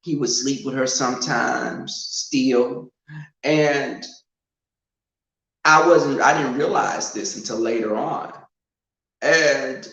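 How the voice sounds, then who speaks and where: A man telling casual stories at home, animated and loud when he quotes people, in an echoing room. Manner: animated, swings loud and high when quoting. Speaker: storyteller. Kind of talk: casual storytelling. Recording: roomy home echo, muffled sound.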